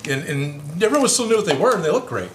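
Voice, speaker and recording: A man's voice: fairly high pitch, big pitch swings, quick pace. A man hosting a livestream and chatting casually about making props, with an easygoing, rambling way of telling stories. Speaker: livestream host and prop maker. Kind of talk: casual workshop chat. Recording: roomy echo with faint hiss.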